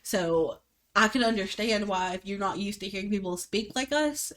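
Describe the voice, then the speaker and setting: A woman's voice: mid-range voice, moderate pace. Southern woman from alabama, thick accent, laughing and swearing a lot in casual podcast chat. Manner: laughs often, swears, animated storytelling. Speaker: podcast co-host.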